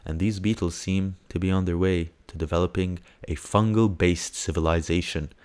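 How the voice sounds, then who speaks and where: A man hosting a casual science news podcast, rambling and hesitant with lots of fillers, now and then breaking into high squeals of delight. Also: steady tone, moderate pace, a little mellow, smooth. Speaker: podcast host.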